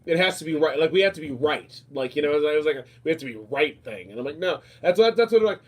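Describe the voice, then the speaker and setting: A man's voice: a little high, expressive, quick pace, few pauses. A man chatting casually and flamboyantly, repeating himself and calling people darling. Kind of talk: casual chat.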